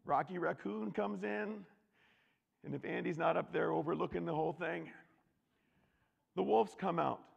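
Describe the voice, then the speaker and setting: A man preaching a sermon, animated and swinging from loud declarations to hushed asides. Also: on the high side, moderate pace, vocal fry, pauses often, breathy edge, in a large hall, dull audio.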